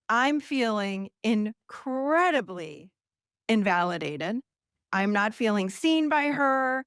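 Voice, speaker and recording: A middle-aged woman hosting a podcast, telling a personal story and acting out her own heated words with lively emphasis. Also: a little high, slow, smooth, no room sound, studio quality. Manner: animated, acts out her own heated quotes. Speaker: podcast host. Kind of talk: personal storytelling about emotions.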